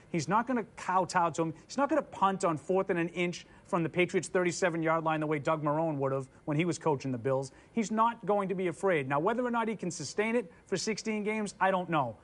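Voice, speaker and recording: A man's voice: high-pitched, lively intonation, brisk, hardly any pauses, fairly bright tone. A man co-hosting a sports show, arguing his picks in a casual, emphatic way and leaning on "listen" and "I think.". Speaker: co-host, sports analyst. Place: luxury suite at a stadium.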